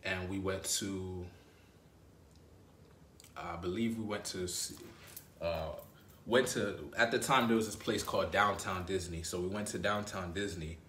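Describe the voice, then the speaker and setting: Telling a personal story in a loose, rambling style, this dating advice host keeps checking in with "right?" and "you know what I mean." His deep voice sounds pushed and bright, he's distant from the mic, and there's an echoey room plus slight background noise.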